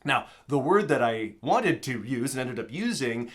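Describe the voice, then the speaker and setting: A man's voice: mid-range voice, big pitch swings, normal speed. An American man from Minnesota giving a casual, rambling language lesson. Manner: chatty, rambling, with fillers and digressions. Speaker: language teacher.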